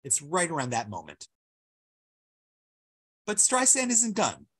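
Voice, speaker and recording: A man's voice: on the high side, huge pitch swings, slow pace, a bit bright, husky. A man giving an illustrated lecture over slides, talking in a discursive, emphatic way and stressing key words.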